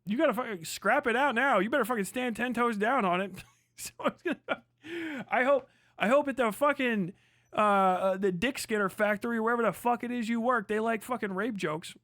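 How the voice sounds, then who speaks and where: High-voiced guy ranting on stream, swearing a lot, dry mic. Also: fairly quick, fairly bright tone, no echo. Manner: heated, mocking, swearing. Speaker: livestream host reacting. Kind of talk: profane livestream reaction.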